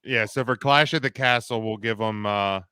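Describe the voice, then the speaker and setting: A man's voice: on the low side, moderate pace, pushed and bright, clean tone, no room sound. A man co-hosting a casual podcast, talking in rambling, opinionated runs full of restarts. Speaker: podcast co-host. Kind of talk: casual wrestling podcast chat.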